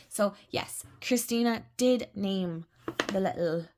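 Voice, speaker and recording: With a medium-pitched, somewhat slow voice, a woman from Ireland gushes about oracle decks in a rambling, casual review chat. She runs a tarot and oracle deck channel, and the background is noisy.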